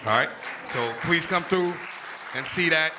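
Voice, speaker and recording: A stand-up comic from Pittsburgh riffs loosely and profanely, talking straight to the crowd in a slightly raised voice. The sound is roomy and echoey, with a small club audience clearly heard around him. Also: male voice, fairly high pitch, unhurried. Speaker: stand-up comedian. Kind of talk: stand-up comedy set. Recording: echoey room with crowd noise.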